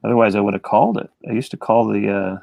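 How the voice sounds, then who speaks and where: A man's voice: on the low side, fairly even intonation, fast talker, vocal fry, darkish tone, no room sound, low-quality recording. A man chatting casually while he draws on a live stream, rambling and self-deprecating. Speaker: artist on a live drawing stream. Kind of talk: casual chat while drawing.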